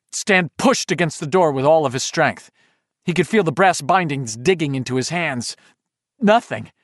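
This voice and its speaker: A man narrating a horror audiobook in a tense, measured, suspenseful way on a close studio mic. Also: on the high side, no echo.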